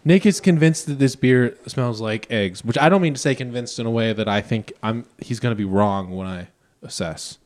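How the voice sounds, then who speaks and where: A young man hosting a casual podcast chat, animated and laughing often. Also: medium pitch, normal speed. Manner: animated, laughs often, shouts in mock rants. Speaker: podcast host.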